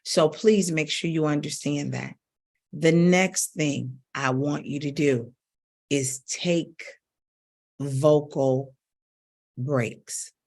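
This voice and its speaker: Emphatic woman vocal coach, lowish voice. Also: steady tone, extremely slow, long pauses, a little mellow. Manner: emphatic, coaxing, repeats phrases for stress. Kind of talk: instructional talk to camera.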